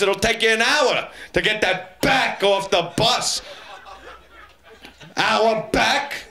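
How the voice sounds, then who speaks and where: A man's voice: sits high, slow, long pauses, sharp tone. A man doing live stand-up comedy on a club stage, crude and taunting the audience as he keeps repeating the same pun into a handheld mic.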